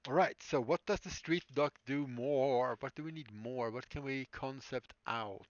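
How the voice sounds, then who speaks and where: A man chatting on a live stream while making props, rambling and laughing as he answers his chat. His voice has a mid-range male pitch. It sounds dry and muffled, with dull lo-fi stream audio. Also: measured pace, dry recording. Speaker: livestreaming prop maker. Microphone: streaming mic.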